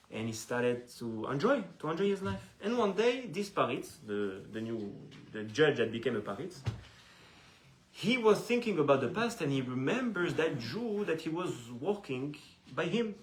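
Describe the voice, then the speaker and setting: A man, a rabbi teaching a class, who tells a story in an animated, repetitive way with frequent restarts. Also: a little high, normal speed, a little hiss or hum. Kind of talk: storytelling lesson. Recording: echoey room.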